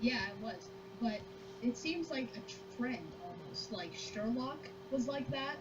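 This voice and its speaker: A woman's voice: fairly high pitch, lively intonation, a little slow, music in the background. A woman in a casual podcast chat, blunt and opinionated. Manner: blunt, opinionated, apologetic asides. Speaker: podcast guest. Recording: muffled lo-fi recording with hiss.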